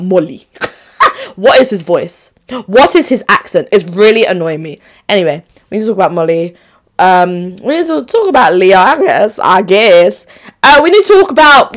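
A woman hosting a solo podcast, chatting casually, laughing often and getting fired up in her opinions. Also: medium pitch. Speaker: podcast host.

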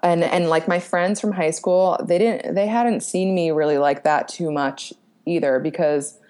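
A young woman from Pennsylvania, USA, appears as a podcast guest and frankly shares a personal story. Her voice sits on the low side with a darkish tone, and she speaks a little slowly, using plenty of fillers, casual swearing and laughs at herself.

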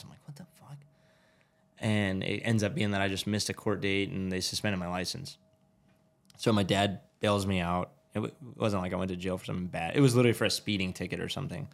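Young american guy, low voice, swears a lot and acts out the quotes, podcast story. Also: level tone, fast, creaky. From United States. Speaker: podcast guest, motorcycle racer. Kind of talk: casual storytelling.

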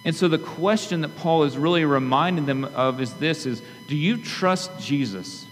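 A pastor preaching a sermon to his church in an earnest, conversational way, often turning to the congregation with quick asides. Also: a little high. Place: church sanctuary. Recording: long hall reverb with faint hum.

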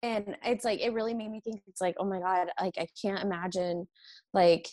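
A woman's voice: mid-range voice, little pitch movement, normal speed, a little mellow, no room sound. A pregnant woman who works as a nurse, chatting casually and acting out her patients' requests as she tells her stories. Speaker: registered nurse guest. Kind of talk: casual chat.

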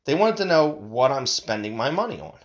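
Heard on a muffled recording, this man speaks briskly at medium pitch, ranting casually through a wandering story. He curses freely, restarts his sentences, and stays animated and profane throughout the monologue.

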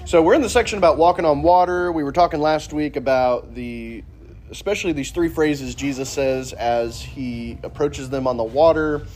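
A man's voice: fairly high pitch, moderate pace, a little mellow, a little hiss or hum. A man teaching a casual Sunday Bible class in a church classroom, joking and asking the class questions.

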